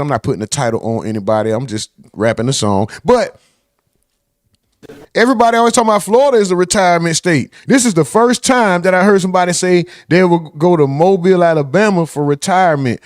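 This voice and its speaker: A man's voice: a little high, no room sound, clean studio sound. A man hosting a casual livestream, reading chat messages aloud and bantering in loose, profane talk.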